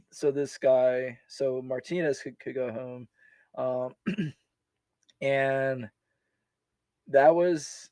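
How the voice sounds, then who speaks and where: Man, fairly high voice, animated storyteller, laughs a lot, dry close sound. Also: dry recording. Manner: animated, laughing often, many restarts. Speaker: podcast guest, army veteran. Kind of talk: casual storytelling.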